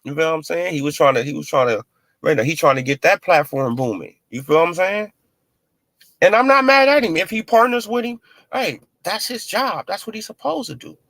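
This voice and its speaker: A man giving casual, animated boxing commentary in heavy slang, mocking and joking as he goes. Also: on the high side, fairly quick, no room sound. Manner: animated, mocking, heavy on "you feel what I'm saying".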